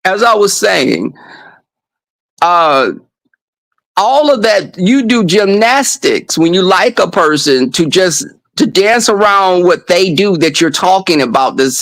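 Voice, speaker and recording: Brassy, gravelly high-pitched man storytelling. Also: a little slow, no room sound, rough recording. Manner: animated, profane and brassy, breaks off to scold a dog. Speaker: vlogger. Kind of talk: casual storytelling monologue.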